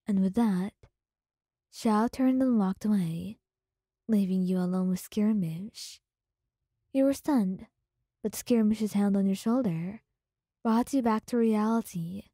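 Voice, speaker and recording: A young woman narrating a romantic listener story in a slow, hushed, intimate ASMR style. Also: mid-range voice, no echo, clean studio sound.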